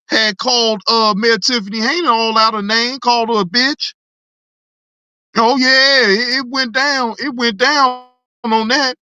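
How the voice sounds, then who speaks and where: Excitable, laughing reaction host, bright dry tone. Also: medium pitch, no room sound, muffled recording. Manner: excitable, laughs often, repeats words, exclaims; teasing, joking with chat viewers. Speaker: reaction channel host reading chat. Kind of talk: casual reaction commentary.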